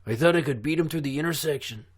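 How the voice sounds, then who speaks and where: A man's voice: on the high side, fast, heavy background noise, voice pushed up, lightly acted. A man putting on a scrawny teen boy with a thick Mexican accent. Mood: sheepish. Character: scrawny sheepish teenage boy with a heavy accent.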